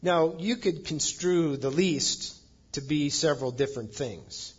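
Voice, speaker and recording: Brief: male pastor, slow deliberate sermon delivery, husky tone, emphatic on key words, dull muffled recording. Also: a little high. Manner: emphatic, reads scripture aloud.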